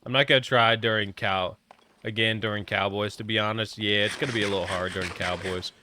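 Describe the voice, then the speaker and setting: A man's voice: on the low side, steady tone, fairly quick, sharp tone, no room sound. A man streaming a game, chatting casually and joking with viewers as he rambles.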